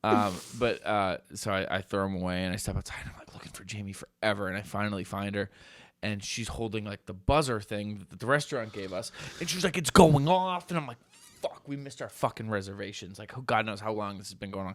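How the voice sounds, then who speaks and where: A young man co-hosting a podcast, retelling a story in a casual way and acting out loud outbursts. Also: fairly low pitch, quick pace, dry recording, clean studio sound. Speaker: podcast co-host.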